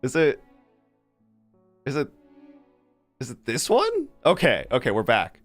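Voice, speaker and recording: A streamer chatting casually with a live chat, animated and rambling, laughing often. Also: mid-range voice, a little slow, no room sound, faint music behind.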